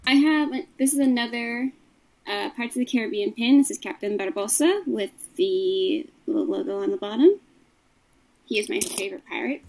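A woman's voice: a little high, lively intonation, normal speed, darkish tone, low-quality recording. A woman casually showing her collection, describing each item in a matter-of-fact way. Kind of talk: casual show-and-tell of a collection.

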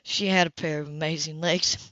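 A woman reading a novel aloud in a steady, even audiobook narration. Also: low voice, brisk, no echo. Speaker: audiobook reader. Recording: dull lo-fi dry recording.

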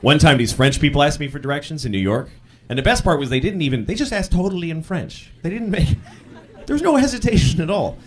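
Animated stand-up comedian, high lively voice. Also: male voice, quick pace, breathy edge. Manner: animated storytelling, bursts into loud yells for punchlines. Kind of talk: stand-up set. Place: comedy club stage with audience. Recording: live club recording with audience laughter. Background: audience laughter.

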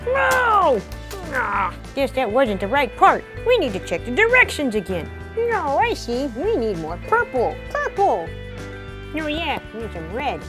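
A woman doing a squeaky excitable cartoon gator. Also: measured pace, heavily acted. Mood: busy. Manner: excitable, lots of whoas and squeals. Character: cheerful young gummy gator pirate. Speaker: show's title character. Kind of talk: kids' pretend-play video voice. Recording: music playing behind.

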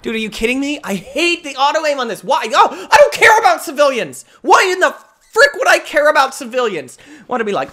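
This young gamer's live commentary is very high-pitched and fairly quick, excitable enough to swing from muttering to outright yelling. He hosts his own channel and trash-talks other players throughout.

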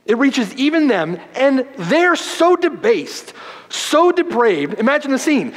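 A male pastor preaching a sermon, moving from loud, forceful emphasis to hushed, quiet passages. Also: big pitch swings, takes it slowly. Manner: dramatic preaching, swinging from loud emphasis to hushed low tones. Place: church sanctuary. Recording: long hall reverb.

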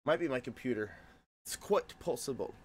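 A man's voice: mid-range voice, animated, moderate pace, husky. A man streaming games live, joking around and greeting his chat by name in a goofy way. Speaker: game streamer chatting with viewers.

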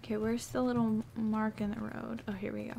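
Une jeune femme qui commente sa partie de jeu vidéo avec enthousiasme et s'extasie devant des animaux mignons. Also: female voice, fairly high pitch, steady tone, a little fast, vocal fry, dark tone, slight background noise. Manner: gushing, squealing over cute animals. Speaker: gaming YouTuber. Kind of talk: excited gameplay commentary.

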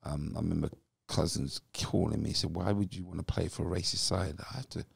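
A man's voice: low voice, steady tone, brisk, vocal fry, breathy edge, no room sound. A British man in his fifties, a former footballer, guest on a podcast, telling his story animatedly and acting out what people said. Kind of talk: storytelling interview.

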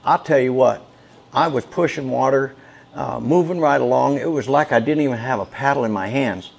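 A man's voice: medium pitch, moderate pace, creaky, breathy edge. A man casually reviewing a kayak paddle outdoors, enthusiastic and folksy, repeating points for emphasis. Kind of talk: casual product review vlog. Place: outdoors on a lake, then a patio.

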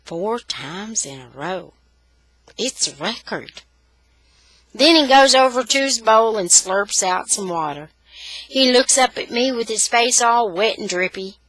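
A woman reading a children's novel aloud in an expressive storytelling style. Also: a little high, measured pace, dry recording, rough recording. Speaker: storybook reader.

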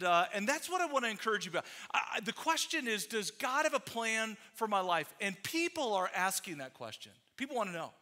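Middle-aged male pastor, high ringing voice, chatty sermon storytelling. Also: sharp tone. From Iowa. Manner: storytelling with quoted voices, many fillers. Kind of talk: conversational sermon. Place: church sanctuary.

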